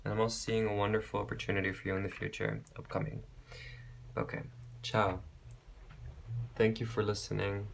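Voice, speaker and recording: A man giving a pick-a-card tarot reading, talking gently and reassuringly, rambling with restarts and calling listeners babe and beautiful soul. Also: on the low side, level tone, brisk, creaky, pauses often, a little hiss or hum. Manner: affectionate, calls viewers babe and beautiful soul. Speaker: tarot reader.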